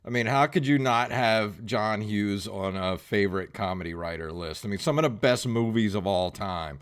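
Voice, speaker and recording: A man's voice: on the low side, moderate pace, clean tone. A man in casual podcast chat, talking enthusiastically about his favorites.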